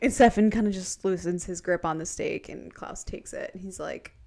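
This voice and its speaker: A woman's voice: on the low side, moderate pace, creaky, warm tone. A woman co-hosting a podcast, casually recapping a TV episode and retelling the scenes with quoted lines and frequent laughter. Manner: retells scenes quoting characters, laughs often.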